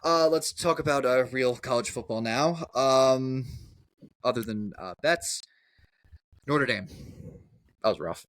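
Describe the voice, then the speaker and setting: A man's voice: medium pitch, slow, pauses often, fairly bright tone, no echo. A young man co-hosting a casual sports podcast, rambling and restarting his sentences a lot, with easy cursing. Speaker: podcast co-host.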